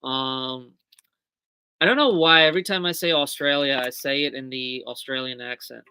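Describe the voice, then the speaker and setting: A woman's voice: extremely low pitch, normal speed, sharp tone, a little hiss or hum. A woman hosting a casual live stream from a small shop, chatty and full of ums and self-corrections. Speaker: shop host on a livestream. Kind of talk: casual live product walkthrough.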